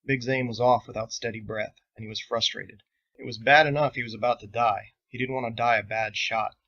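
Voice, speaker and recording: A man reading his own novel aloud in steady, measured audiobook narration. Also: mid-range voice, lo-fi sound.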